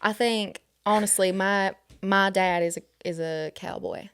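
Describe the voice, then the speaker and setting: A woman co-hosting a casual commentary podcast, bubbly and quick to laugh. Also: mid-range voice, fairly even intonation, a bit bright, smooth. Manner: bubbly, laughs easily, enthusiastic. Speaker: podcast co-host.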